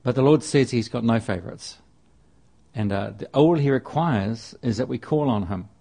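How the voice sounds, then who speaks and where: A man's voice: mid-range voice, normal speed, vocal fry, warm tone. A man preaching a sermon in a conversational way, often restarting and repeating phrases as he reads and explains scripture. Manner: conversational, with frequent restarts and repetition.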